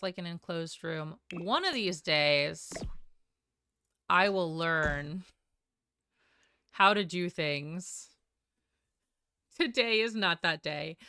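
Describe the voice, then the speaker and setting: A woman's voice: on the low side, creaky, bright, forceful tone, clear, resonant tone, no echo. A woman streamer chatting casually and a bit scatterbrained while building in a game, with a sing-songy way of talking. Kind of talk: casual live-stream chat while gaming.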